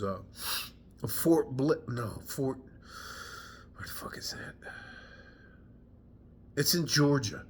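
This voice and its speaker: A middle-aged man, an army veteran, talking casually to camera at home, halting and rambling, foggy from medication, swearing now and then. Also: medium pitch, bright, forceful tone. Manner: rambling, halting, swears, loses his train of thought. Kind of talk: emotional casual talk to camera. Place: at home indoors.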